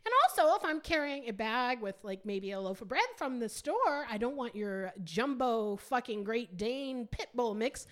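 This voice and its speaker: A woman's voice: a little high, lively intonation, moderate pace, few pauses, a bit bright. A woman co-hosting a podcast, chatting casually and ranting with plenty of profanity. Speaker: podcast co-host. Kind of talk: casual chat.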